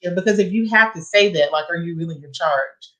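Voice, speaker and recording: Earnest woman with a low voice. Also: fairly quick, fairly bright tone, low-quality recording. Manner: earnest, reflective, speaks to the listener directly. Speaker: guest, music educator. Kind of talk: casual conversation.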